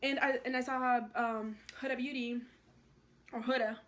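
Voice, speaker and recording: A young woman vlogging at home, chatting excitedly and rambling through a makeup tutorial with lots of likes and ums. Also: sits high, moderate pace, a little hiss or hum.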